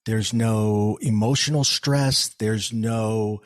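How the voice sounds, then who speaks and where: Speaking earnestly as a podcast guest, this man recounts something from his own life in a fairly low voice with fairly even intonation. He keeps restarting sentences and fills gaps with "um" and repeated words. The audio sounds close and dry, with no echo from the room.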